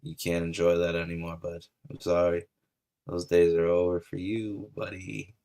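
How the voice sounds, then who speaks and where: A man's voice: sits low, completely flat delivery, normal speed, dark tone, smooth. A man ranting casually in a taunting, mocking way about an online feud. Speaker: stream commentator. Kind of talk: casual rant.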